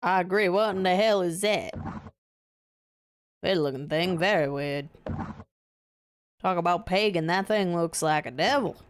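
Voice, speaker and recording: A woman voicing a gruff rustic male fisherman in a video game, talking in a folksy dialect full of "eh" and "ye". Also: on the low side, unhurried, pauses often, close to an everyday voice.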